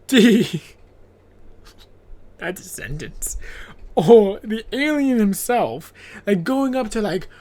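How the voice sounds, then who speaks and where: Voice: mid-range voice, animated, slow, long pauses, a little mellow. A podcast host recapping a horror film in a casual, profane, rambling way, with sarcastic asides and laughing at their own jokes.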